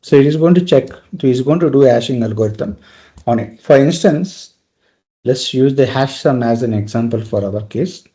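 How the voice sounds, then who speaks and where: A man's voice: medium pitch, lively intonation, normal speed, dark tone. A male trainer giving a live technical lecture, explaining step by step and often checking in with "right?".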